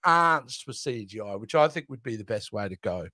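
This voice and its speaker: A man, co-hosting a casual movie news chat in an animated, rambling way that keeps trailing off and restarting. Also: lowish voice, fairly quick, dry recording, clean studio sound. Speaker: co-host.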